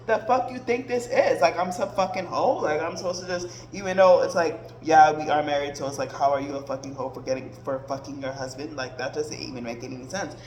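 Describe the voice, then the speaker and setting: A woman's voice: on the low side, lively intonation, fairly quick, hardly any pauses. A woman hosting a podcast, ranting in a blunt, profane casual monologue. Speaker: podcast host. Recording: roomy echoey recording.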